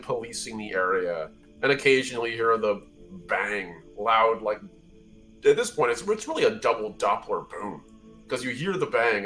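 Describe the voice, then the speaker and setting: A man's voice: fairly low pitch, sharp tone. A man narrating as game master of a tabletop game, describing the scene in a rambling, casual way with many fillers.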